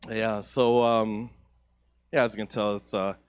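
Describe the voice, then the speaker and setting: A man's voice: fairly low pitch, little pitch movement, a little slow, clean tone. A young man doing stand-up comedy on a theatre stage, profane, rambling and self-mocking, into a handheld mic.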